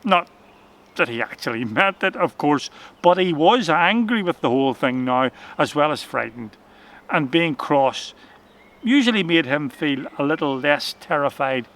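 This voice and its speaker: Male children's-story narrator, expressive and dramatic, bright tone. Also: on the high side, unhurried.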